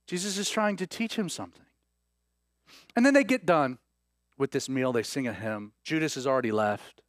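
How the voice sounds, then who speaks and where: A man's voice: on the high side, dry recording. A man preaches a sermon. He retells scripture as a story, acting out the quoted speech and restarting his phrases. His voice sounds close and dry. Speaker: pastor.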